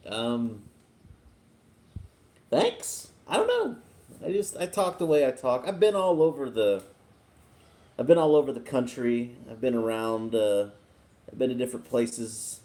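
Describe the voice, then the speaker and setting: A man from Texas hosting a casual livestream, chatting in a relaxed, chuckling, rambling way as he reads viewer comments. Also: medium pitch, moderate pace. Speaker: livestream host. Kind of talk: casual live chat reading viewer comments.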